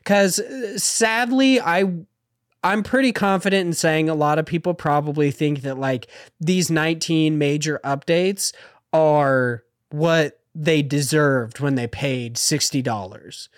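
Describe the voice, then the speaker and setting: A man on a casual podcast, talking in a rambling way and packing his sentences with filler words. His voice sits a bit higher than most men's and sounds close and dry, with no room around it. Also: steady tone, measured pace, no room sound. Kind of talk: casual gaming podcast chat.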